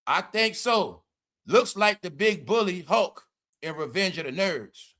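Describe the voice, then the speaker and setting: High, bright-voiced man ranting on a livestream. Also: expressive, a little slow. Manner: loud, laughing, profane, repeats "all right?". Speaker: commentary livestream host. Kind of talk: casual livestream commentary.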